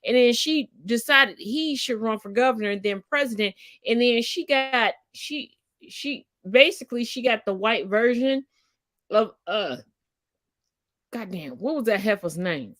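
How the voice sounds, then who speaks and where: A woman co-host ranting in casual podcast chat, blunt and full of profanity. Her voice sits a touch high for a woman. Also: lively intonation, a little slow, a bit bright, no echo, studio quality.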